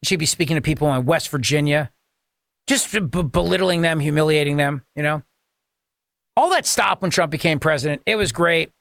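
A male talk radio host in full monologue, combative and sarcastic, firing off rhetorical questions. His voice sits high with a gravelly rasp, recorded close and dry with no room sound. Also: normal speed, fairly bright tone, no echo.

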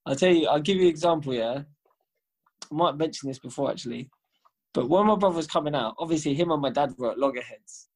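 A young man talks casually on a podcast, telling stories full of slang and swearing. His voice sits on the higher side for a man. He keeps the tale moving as a relaxed co-host. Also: quick pace. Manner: animated anecdote-telling, slangy and profane. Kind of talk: casual chat, storytelling.

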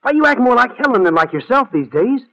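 A worried young husband who stammers and frets, his voice lively and fairly high, played by a man. It comes through a thin, tinny old radio broadcast. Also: fast, exaggerated voice. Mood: anxious. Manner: stammering, anxious.

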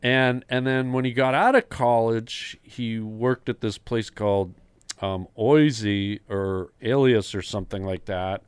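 A man in his sixties tells a long story in easy conversation and slips into the voices of the people he quotes. His voice is smooth and clear. The sound is close and dry, with no room around it. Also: mid-range voice, measured pace, no echo. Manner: animated storyteller, acts out quoted dialogue. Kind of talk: casual storytelling chat.

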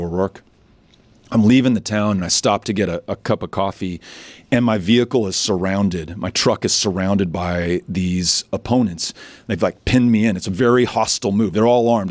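Brief: man from Texas, low voice, earnest storyteller, dry close sound. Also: no room sound. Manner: earnest, animated storyteller who acts out quoted voices. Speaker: guest, Texas politician. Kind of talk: reflective interview storytelling.

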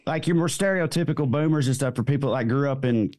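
A man's voice: medium pitch, quick pace, darkish tone, no echo, studio quality. A man, a comedian guest chatting casually on a podcast in a wry, rambling way. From Southern United States. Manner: drawling, rambling, wry, self-interrupting.

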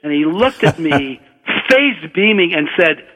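An older man from Brooklyn, a physician and author, telling a relaxed, wry anecdote. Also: a little high, unhurried. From Brooklyn, USA. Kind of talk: anecdotal storytelling. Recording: dull radio broadcast, long reverb.

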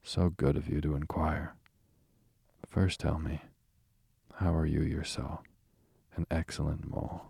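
A man's voice: a bass voice, little pitch movement, unhurried, gravelly, long pauses, mellow, breathy edge, dry recording, clean studio sound, heavily acted. A man reading the part of a self-pitying toad who murmurs weakly from his sickbed. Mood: feeble. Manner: languid, murmuring, weak.

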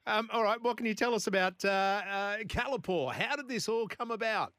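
A man in his 40s hosts a morning radio show, chatting casually as a storyteller full of quick asides and laughs. His high, expressive voice has a fairly bright tone, recorded dry on a studio microphone.

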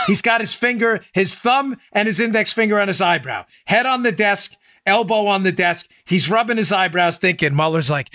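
A man hosting a political podcast, talking in an animated, sarcastic and wisecracking way and mocking other people's voices. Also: sits high, normal speed, no room sound, studio quality.

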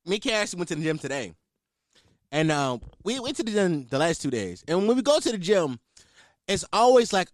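A man's voice: fairly high pitch, no echo, clean studio sound. A man hosting a podcast, ranting in a brash, profane, boastful way. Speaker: podcast host. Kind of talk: casual comedic rant.

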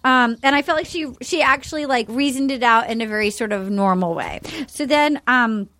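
Bright, high-voiced woman podcast host. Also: moderate pace, no echo. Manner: chatty, animated recapping. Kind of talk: casual chat.

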